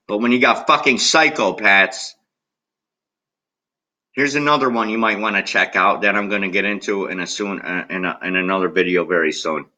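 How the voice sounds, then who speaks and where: On a low-quality recording, a man with a lowish, pushed, bright voice rants angrily to camera as a political video blogger at a moderate pace. He's agitated, swears constantly, and talks straight at his viewers.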